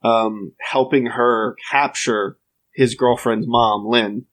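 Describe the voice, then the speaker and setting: Male co-host, blunt offhand chatter, average-pitched voice. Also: fairly even intonation, slow pace, fairly bright tone. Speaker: podcast co-host. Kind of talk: casual chat.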